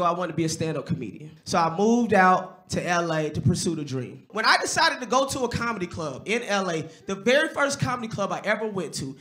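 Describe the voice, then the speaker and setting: A man performing a loud, animated stand-up set on a comedy club stage, jumping into shouted voices as he tells a story. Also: high-pitched.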